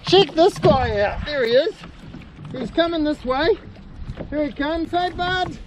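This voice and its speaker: A middle-aged New Zealand man hosts a kayak fishing vlog at sea, narrating with excitement and often calling out loudly. His voice sits extremely high, yet he speaks unhurriedly. Wind and water noise fill the recording.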